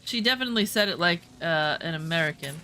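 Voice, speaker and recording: Streamer woman, casual rambling chat, bright forward tone. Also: on the low side, expressive, fast, faint music behind. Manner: rambling, full of "like" and restarts. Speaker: streamer reacting to a show.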